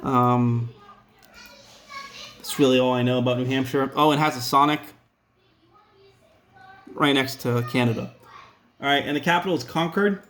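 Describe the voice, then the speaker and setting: A man's voice: medium pitch, normal speed, long pauses, a bit bright, a little hiss or hum. A man with a Rhode Island accent teaching a casual classroom lesson, chatty and full of joking asides.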